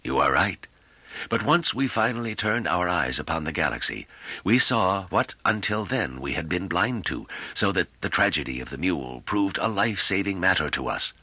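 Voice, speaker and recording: A man voicing a calm, wise older man who speaks in a slow, measured, almost hypnotic way. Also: low voice, slightly rough, no echo, heavily acted. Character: calm, wise elderly man, patient teacher.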